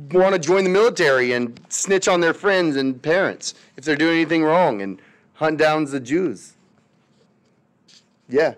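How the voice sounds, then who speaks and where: Man, high voice, history teacher, casual lecture, sarcastic asides. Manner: chatty, jokey, with sarcastic asides.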